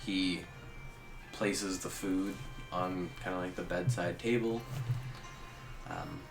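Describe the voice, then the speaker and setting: A man's voice: sits low, takes it slowly, creaky. A man narrating a tabletop game as game master, describing scenes unhurriedly with fillers. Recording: roomy room with music. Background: ambient guitar music.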